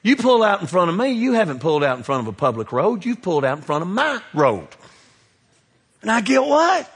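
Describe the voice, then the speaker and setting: A middle-aged man, preaching a sermon that swings between loud exhortation and hushed asides. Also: high-pitched, very animated, fairly quick, slightly rough, big-room sound. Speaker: pastor.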